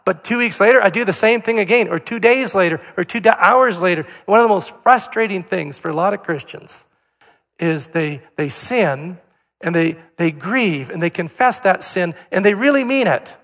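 A man's voice: sits high, expressive, moderate pace, fairly bright tone. An older man preaching a sermon as pastor, in a conversational, story-telling way with fillers. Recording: long hall reverb.

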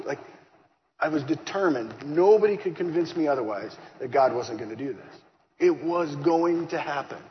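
A man giving a lively faith testimony, acting out the dialogue as he tells his story. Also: a little high, normal speed. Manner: animated, acts out dialogue. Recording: long hall reverb, slightly dull, faint hiss.

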